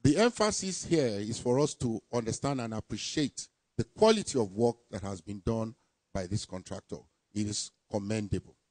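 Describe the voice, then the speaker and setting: A man giving a formal ceremony speech, deliberately reading out names and titles. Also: lowish voice, expressive, a little mellow, no room sound. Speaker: permanent secretary presenting a project team.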